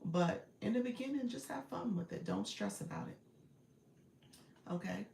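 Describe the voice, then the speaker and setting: A woman's voice: medium pitch, expressive, normal speed, vocal fry, darkish tone, slight background noise. A woman live-streaming coach giving casual advice and answering viewer comments as she goes. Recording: roomy echo, distant from mic.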